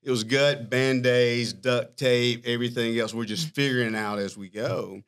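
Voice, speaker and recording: A man, a company chief executive, telling a long story in a casual interview, animated and self-mocking, laughing as he talks. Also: mid-range voice, normal speed, clean tone. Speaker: firm CEO, podcast guest.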